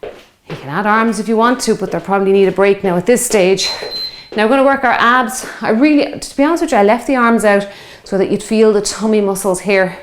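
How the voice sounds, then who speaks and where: A woman's voice: medium pitch, brisk, slight background noise. Breathless woman leading a workout. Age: 50s. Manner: chatty, encouraging, counts reps aloud. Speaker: fitness instructor. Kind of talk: guided workout instruction.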